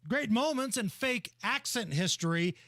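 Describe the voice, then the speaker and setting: A man's voice: sits high, lively intonation, a little slow, pushed and bright, no room sound, studio quality. A man hosting a talk radio show, brash, mocking and blunt. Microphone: studio microphone.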